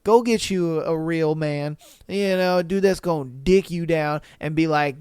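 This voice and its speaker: A young man hosting a podcast, casually reading out listener posts and reacting with profane, animated commentary and laughter. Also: on the high side, a little slow, clear, resonant tone, no room sound, clean studio sound. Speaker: podcast host.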